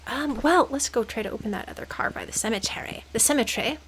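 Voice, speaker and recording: A woman's voice: a little high, fast, fairly bright tone, a little hiss or hum. A woman gamer giving playful, dramatic let's-play commentary. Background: game music.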